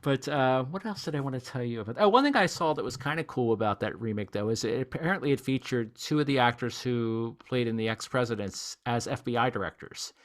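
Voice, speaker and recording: A man's voice: mid-range voice, fairly quick, hardly any pauses. A man hosting a podcast, chatting casually with a guest in an easygoing way, with self-deprecating asides. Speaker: podcast host. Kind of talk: casual interview chat.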